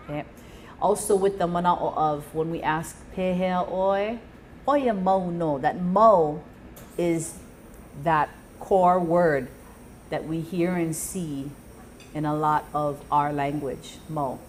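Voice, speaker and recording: A woman's voice: low-pitched, slow pace, a little mellow, a little hiss or hum. A woman teaching a live language lesson, often repeating and chanting phrases for learners. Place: live venue.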